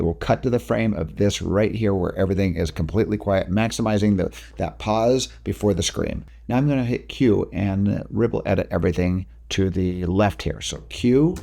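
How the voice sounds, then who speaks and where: Man, low pitch, mellow tone, casual screen-recording tutorial, talks while working. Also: creaky. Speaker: video editing tutor.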